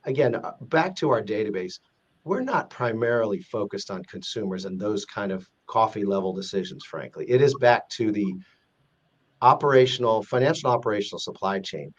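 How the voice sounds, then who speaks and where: Earnest man on dull lo-fi audio. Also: fairly low pitch. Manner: earnest, measured, explaining step by step with frequent restarts. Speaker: guest, president of an advocacy group. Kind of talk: podcast interview.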